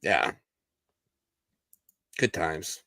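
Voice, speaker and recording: A man's voice: deep voice, expressive, very slow, bright, forceful tone, dry recording, clean studio sound. A man co-hosting a casual bar-style chat among veterans, telling stories bluntly and with plenty of swearing, acting out what other people said. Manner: profane, blunt storyteller who acts out others' lines. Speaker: veteran podcast co-host.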